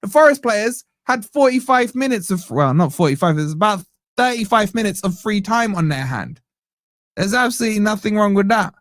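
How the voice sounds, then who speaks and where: A man's voice: sits high, lively intonation, a little fast, fairly bright tone, dry recording. A young man hosting a live football fan reaction stream, rambling and joking while he interrupts himself. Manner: rambling, self-interrupting, jokey. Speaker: fan channel host.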